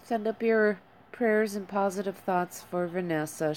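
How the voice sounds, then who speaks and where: A woman chatting casually on a live stream, calling viewers by name and comforting them gently. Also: medium pitch, measured pace, slight background noise.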